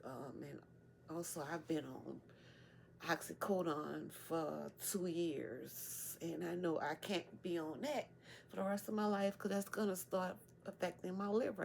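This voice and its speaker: A woman's voice: lowish voice, vocal fry, slight background noise. A middle-aged woman talking candidly and wearily in her own video diary. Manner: weary, candid. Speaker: vlogger.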